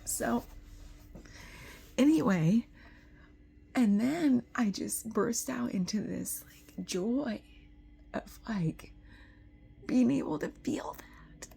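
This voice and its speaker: A middle-aged woman talks slowly through a tarot reading, tearful and tender. Her voice is low, mellow and gravelly, with a husky edge, and she slips into soft whispers when the feeling rises. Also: expressive. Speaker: intuitive tarot reader. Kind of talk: emotional spiritual talk to camera.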